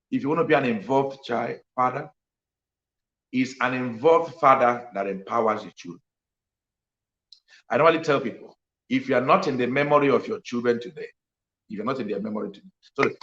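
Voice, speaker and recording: At a parenting conference, a male pastor preaches a sermon, emphatically repeating key lines for effect. His medium-pitched voice has a fairly bright tone, though the recording sounds muffled.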